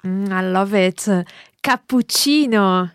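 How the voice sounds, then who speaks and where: A woman's voice: mid-range voice, slow, smooth, no echo, clean studio sound. A native Italian woman with an Italian accent, co-hosting a language podcast and modelling careful pronunciation. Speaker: native-speaker co-host. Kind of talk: scripted podcast lesson.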